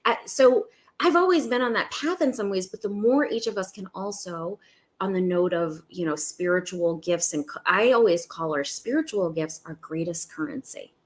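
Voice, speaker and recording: A woman's voice: medium pitch, normal speed. Bubbly woman podcast guest. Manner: bubbly, gushing, laughs a lot. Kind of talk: casual spiritual podcast chat.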